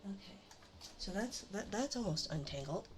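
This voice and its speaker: A woman's voice: mid-range voice, lively intonation, normal speed, background noise. A young woman hosting a casual live stream from her home desk, rambling and muttering self-mocking remarks to herself as she sets up. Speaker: livestream host. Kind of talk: casual live-stream chat while setting up.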